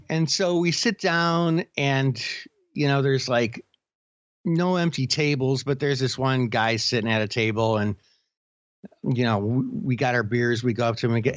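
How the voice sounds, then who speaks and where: A man's voice: medium pitch, a little slow, no echo, lo-fi sound. Rambling man chatting on a podcast. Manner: rambling storyteller with many restarts. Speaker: podcast co-host. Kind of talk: casual chat.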